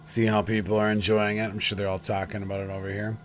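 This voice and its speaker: A man's voice: lowish voice, little pitch movement, fast talker, slight background noise. A man streaming a game, casual and laid-back, swearing often and sounding tired and yawning. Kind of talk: casual live-stream commentary.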